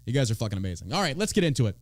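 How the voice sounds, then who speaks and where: A man's voice: mid-range voice, big pitch swings, racing, dry recording. A man from Texas hosting a podcast, ranting about politics in a mocking, profane way and swearing freely. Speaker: podcast host.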